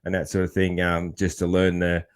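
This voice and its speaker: An Australian man hosting a podcast, chatting in a relaxed, rambling way with frequent laughs. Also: sits low, moderate pace, smooth. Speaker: podcast host. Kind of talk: casual interview chat.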